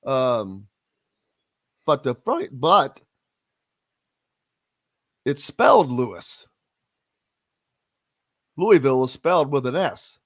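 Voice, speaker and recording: A man, hosting a casual sports radio talk show with drawn-out, emphatic, opinionated delivery. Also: mid-range voice, big pitch swings, no echo. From Southern Indiana.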